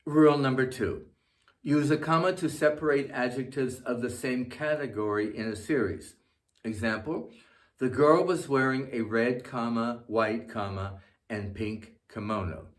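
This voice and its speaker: A man narrating a scripted English grammar lesson, dictating example sentences slowly and carefully, saying each comma aloud. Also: medium pitch. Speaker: English teacher.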